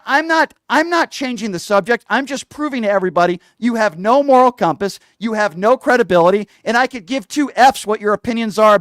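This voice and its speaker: High-voiced man angrily hectoring a caller. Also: a bit bright, no room sound, clean studio sound. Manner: hectoring, insulting, repeats questions. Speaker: talk show host. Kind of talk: heated call-in argument.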